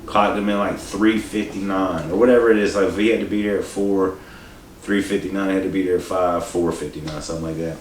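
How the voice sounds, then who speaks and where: A man's voice: deep voice, fairly even intonation, fast. A man telling a story in a casual, rambling, profane way, with many restarts and asides. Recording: echoey room, distant mic, faint hiss.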